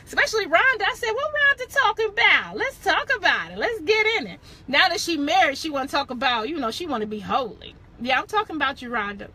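Lively, high-voiced woman sharing testimony. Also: fast talker, hardly any pauses. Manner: animated, laughing, self-correcting and backtracking. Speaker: podcast host. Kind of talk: candid faith testimony chat.

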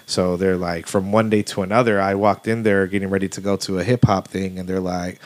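A man's voice: sits low, little pitch movement, fairly quick, darkish tone. A man from Houston telling stories on a casual podcast, laid-back and swearing freely with lots of fillers. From Houston, Texas. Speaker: podcast host. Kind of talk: casual storytelling chat.

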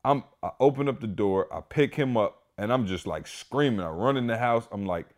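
A man hosting a podcast, telling a story in a casual, animated way, emphatic and full of "like" and "y'all". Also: medium pitch, normal speed. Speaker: podcast host.

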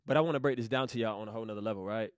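A young man from Savannah, Georgia, with a Georgia accent, giving an excited, slangy Bible teaching as a podcast host. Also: fairly low pitch, racing, dry recording. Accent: Southern US, Georgia. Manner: hyped, slangy, bursts into loud exclamations.

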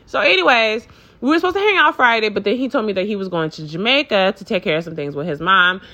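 A woman's voice: medium pitch, quick pace. A woman telling a rambling, profanity-laced storytime in a casual chat, acting out both sides of the conversation. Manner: profane, rambling, filler-heavy; animated, acts out both sides.

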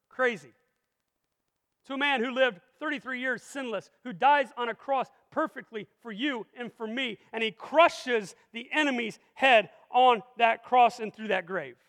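A pastor preaching a sermon in a church sanctuary, energetic and full of rhetorical questions to the congregation. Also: male voice, very high-pitched, vocal fry. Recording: long reverb of a large hall.

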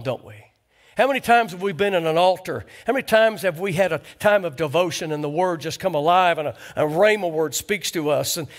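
A pastor preaching a conversational sermon in a church, asking the congregation rhetorical questions. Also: male voice, sits high. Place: church sanctuary.

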